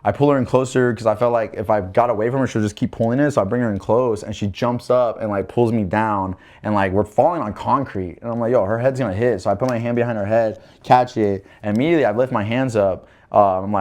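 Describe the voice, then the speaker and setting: A young man with a fairly low voice tells a personal story as a podcast guest, talking fast with hardly any pauses. He's casual and animated, acting out quoted voices and using lots of fillers.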